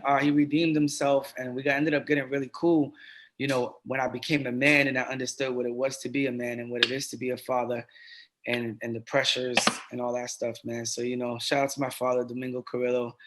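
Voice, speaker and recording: A man's voice: medium pitch, flat delivery, fast, noisy background. A middle-aged man talking earnestly and casually as a podcast guest, streetwise and given to repeating himself. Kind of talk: casual conversation.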